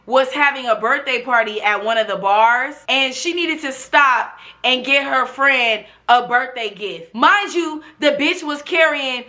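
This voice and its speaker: High, bright-voiced young woman telling a story. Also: measured pace, hardly any pauses. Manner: blunt, profane, animated storytelling. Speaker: vlogger. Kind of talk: storytime vlog.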